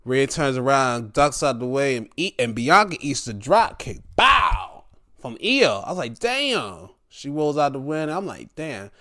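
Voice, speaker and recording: Animated man recapping wrestling. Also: medium pitch, moderate pace. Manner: animated, swearing, frequent sighs. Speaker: podcast host.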